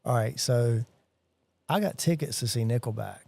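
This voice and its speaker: Gravelly man telling stories casually. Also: medium pitch, normal speed. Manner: animated storyteller, says dude and bro a lot. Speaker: podcast guest, jiu-jitsu instructor. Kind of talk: casual chat.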